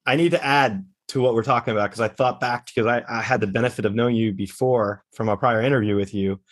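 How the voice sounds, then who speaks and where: A man's voice: mid-range voice, fairly even intonation. A man co-hosting a podcast interview, earnestly setting up a question for his guest. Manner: earnest, measured, sets up questions. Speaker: co-host, interviewer.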